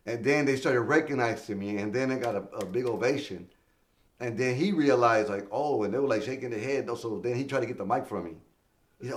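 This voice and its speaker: A man's voice: medium pitch, fairly quick. A middle-aged man, a stand-up comedian guest, telling casual stories in an interview, acting out quoted voices and swearing freely. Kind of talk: casual storytelling in a podcast interview.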